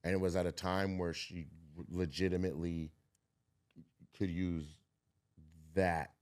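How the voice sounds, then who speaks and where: Deep-voiced man in reflective chat. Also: level tone, a little mellow. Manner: reflective, halting, many restarts. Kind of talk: casual conversation.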